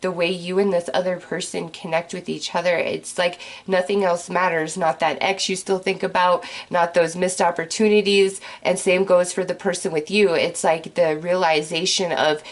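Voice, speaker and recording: A woman with a somewhat low voice gives an emotional tarot reading to her viewers. She talks in a gushing, earnest, chatty way, full of fillers, and she is choked up and tearful. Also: flat delivery, moderate pace, hardly any pauses. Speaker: tarot reader.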